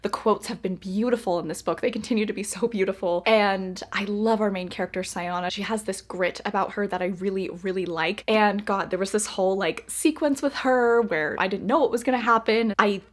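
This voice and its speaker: A woman's voice: mid-range voice, brisk, few pauses. A young woman vlogging about books, gushing and effusive, repeating words for emphasis. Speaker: book vlogger. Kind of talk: casual reading vlog chat.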